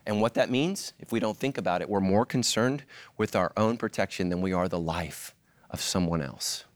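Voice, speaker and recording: A middle-aged male pastor preaching a sermon, swinging from loud, high-pitched joking to a hushed, earnest tone. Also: normal speed. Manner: animated, jokes in a loud, high voice, then drops to a hushed, earnest tone.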